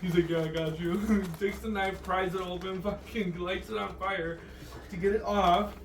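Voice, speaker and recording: Young male co-host, high voice, animated quoting storyteller; echoey, noisy room. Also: normal speed. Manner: animated, acts out quotes, swears. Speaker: podcast co-host. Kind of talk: casual chat. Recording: echoey room, distant mic, background noise.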